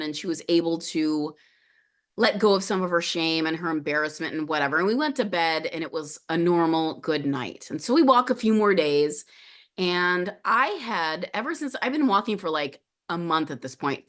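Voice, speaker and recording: A woman with a lowish voice, middle-aged, recounting a personal story as a podcast guest. She talks in an animated way and slips into the voices of the people she quotes.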